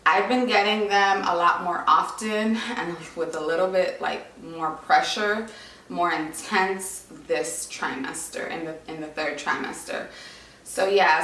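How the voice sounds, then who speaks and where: Lowish in pitch yet fairly bright in tone, a young woman vlogger gives a chatty, casual update loaded with fillers like "like" and "um." She sounds a little breathless, and the echoey recording places her a bit far from the mic.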